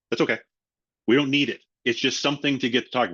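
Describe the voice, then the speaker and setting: A man's voice: medium pitch, steady tone, fast, bright, forceful tone, dry recording. A middle-aged man giving a webinar sales training and acting out both sides of phone calls. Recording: dry, slightly dull lo-fi audio.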